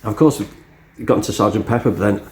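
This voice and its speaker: A man's voice: fairly low pitch, fast. A man interviewing a guest, prompting him with conversational questions. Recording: echoey room.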